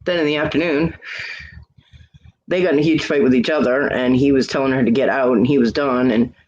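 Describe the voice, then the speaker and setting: A man's voice: medium pitch, steady tone, brisk, a little mellow. A man telling a long, rambling story in casual chat, swearing freely and quoting the people involved. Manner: rambling, profane, quotes others. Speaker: streamer chatting with friends. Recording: muffled lo-fi mic with faint hiss.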